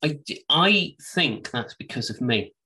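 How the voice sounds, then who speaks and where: A man's voice: on the high side, lively intonation, unhurried, bright, forceful tone, far from the mic, rough recording. A man co-hosting a casual wine podcast, telling rambling, self-deprecating stories. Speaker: podcast co-host, wine trade. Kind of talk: casual chat.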